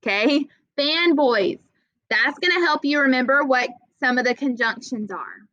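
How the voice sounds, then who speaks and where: A young adult woman teaching an online writing class, patient and encouraging, reading example sentences slowly. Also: high-pitched, sharp tone, no echo, highs cut off. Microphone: video call.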